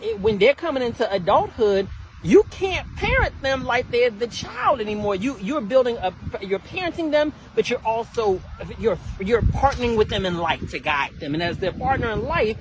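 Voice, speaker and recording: Fast-talking animated storyteller man. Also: slight background noise, low-quality recording. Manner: flamboyant, exclaiming, with sudden high-pitched quoting. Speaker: host.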